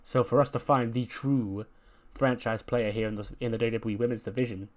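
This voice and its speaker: A man's voice: mid-range voice, fairly even intonation, a little fast, lightly acted. A man voicing a confident female wrestler who delivers a chatty, self-assured promo.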